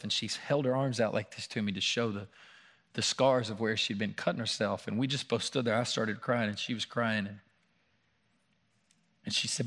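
A man's voice: medium pitch, steady tone, moderate pace. Earnest male preacher, rising with scripture. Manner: earnest preaching, rising and louder when reading scripture, hushed in personal stories. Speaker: pastor. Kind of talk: sermon. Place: church room.

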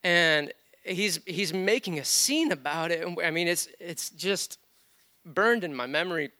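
Preaching a sermon in church, this pastor, a man in his thirties, tells casual stories and frequently starts over mid-thought. His voice sits high and bright with a pushed quality, lively in intonation and a little slow. No room sound comes through.

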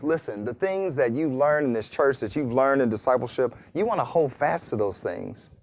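A man's voice: mid-range voice, expressive, normal speed, hardly any pauses, darkish tone, no echo, studio quality. A man preaching a casual sermon, reading scripture and joking with his congregation. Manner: casual, joking preaching with laughs and acted asides. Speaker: pastor.

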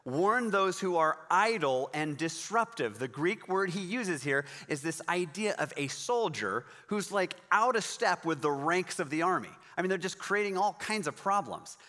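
A man's voice: high voice, expressive, normal speed, hardly any pauses, bright, forceful tone, big-room sound. A man preaching a sermon in a conversational, encouraging way, reading scripture and explaining it. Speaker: pastor.

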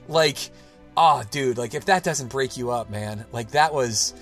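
A man in his thirties hosts a relaxed conversation, winding through his thoughts with restarts and "like." His voice sits at an ordinary pitch, with soft music faintly behind. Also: measured pace. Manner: rambling, loose, full of "like" and restarts. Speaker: podcast host. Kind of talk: casual chat.

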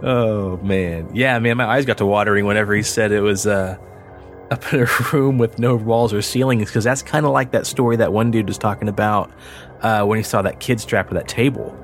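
A man's voice: lowish voice, brisk, faint music behind. A man co-hosting a paranormal podcast, reading a listener's story aloud and then joking and swearing casually with his co-host. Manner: casual, swearing, laughs often.

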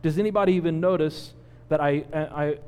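A man in his forties preaching a sermon, telling a personal story with lively acted-out quotes. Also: on the high side, brisk, clear, resonant tone, long reverb tail. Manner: animated storyteller, acts out quotes. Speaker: pastor.

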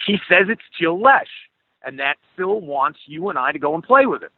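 Animated man telling a story over a tinny line. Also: a little high, moderate pace, husky, no room sound. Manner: animated storyteller, acts out quoted dialogue. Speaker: guest musician. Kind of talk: storytelling in a podcast interview. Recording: tinny phone-like call audio.

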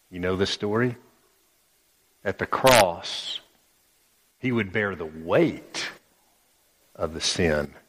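Male pastor delivering a sermon, unhurried and emphatic, in a church hall with long reverb. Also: low voice, a bit bright. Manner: slow and emphatic, with many pauses and repeated phrases.

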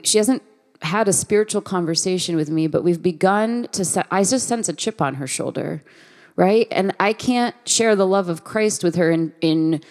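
A woman, preaching a conversational sermon full of personal stories and quoted dialogue. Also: lowish voice. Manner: conversational, lively, acts out quoted voices. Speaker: guest preacher.

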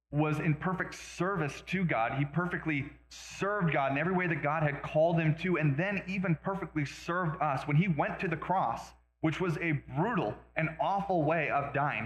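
A male pastor preaching a sermon in a conversational way, with quick asides and self-deprecating jokes. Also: a little high, reverberant, poor audio.

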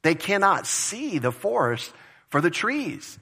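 Bright-voiced man preaching with emphasis. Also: high voice, very animated, takes it slowly, husky. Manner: conversational, emphatic, repeats phrases for stress. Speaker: pastor. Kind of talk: expository sermon.

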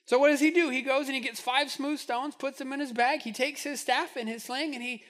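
A male preacher delivers a sermon, retelling a story and speaking straight to his listeners. His voice is very high and bright, with a forceful edge. He stresses key words with emphatic weight. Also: steady tone, fairly quick. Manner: emphatic storytelling, direct address. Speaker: pastor.

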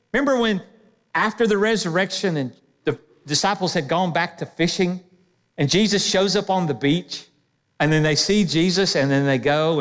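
A man with a high voice preaches to his congregation. His talk is lively and full of quoted asides. His voice rings with a long reverb in a church sanctuary. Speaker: pastor. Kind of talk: sermon.

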